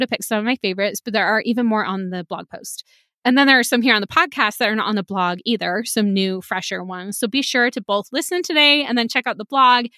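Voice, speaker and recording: A woman hosts a teaching podcast in a casual, chatty way, and she sometimes sings out short jingles. Her voice sits at a middle pitch. It is recorded close and dry, with no room sound. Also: a bit bright, no echo.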